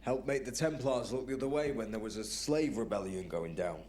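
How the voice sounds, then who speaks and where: A man's voice: lowish voice, brisk, a little mellow, a little hiss or hum, lightly acted. An actor playing a male secret-society agent in a video game, telling his past plainly. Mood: matter-of-fact.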